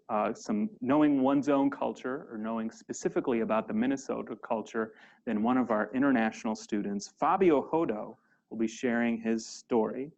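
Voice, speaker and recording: A man's voice: mid-range voice, a little mellow. Guy giving a seminar talk to a room, asks the crowd stuff, kinda muffled recording. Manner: conversational, with restarts and questions to the audience. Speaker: workshop presenter. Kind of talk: seminar presentation. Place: seminar room with a live and online audience.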